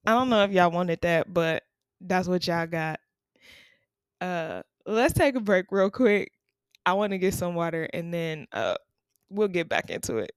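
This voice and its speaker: A woman's voice: fairly low pitch, expressive, smooth, dry recording, studio quality. A woman in her thirties, a teacher, hosting a podcast and telling stories in a chatty, laughing way. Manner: chatty, laughing often, drawn-out repeats. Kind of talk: casual storytelling monologue.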